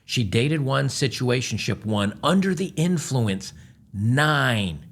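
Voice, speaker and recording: A man's voice: mid-range voice, animated, takes it slowly. A man hosting a reaction commentary, scornful and lecturing, repeating his points. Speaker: commentary host.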